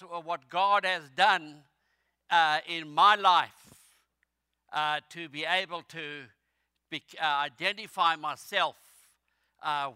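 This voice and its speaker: Here a South African missionary in his sixties or older delivers a sermon, halting and slow, leaning on many fillers. The tone sits a little high and sharp, and the studio sound is clean with no echo.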